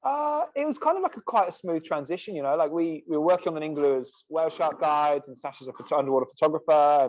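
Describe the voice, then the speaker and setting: A man's voice: medium pitch, no room sound. A man in his thirties, a podcast guest chatting casually and rambling with lots of "like" and "um". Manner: relaxed, rambling, heavy on "like" and "um". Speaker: guest, sunscreen company co-founder. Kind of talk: casual chat. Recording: dull, dry podcast recording.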